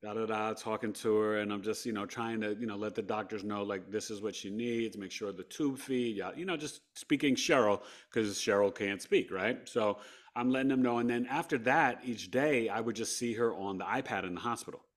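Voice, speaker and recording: Speaking slightly quickly in a lowish voice, this fiftysomething New Yorker shares a personal story as a podcast guest. His conversational telling is full of "you know" and "right?" asides.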